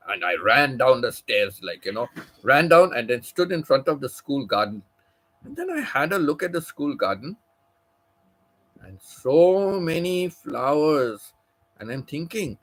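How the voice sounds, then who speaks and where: A man's voice: medium pitch, animated, moderate pace, fairly bright tone. Host, older man, chatty livestream storyteller, loose and rambling, lots of fillers. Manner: rambling, many fillers like "you know". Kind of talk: casual storytelling chat.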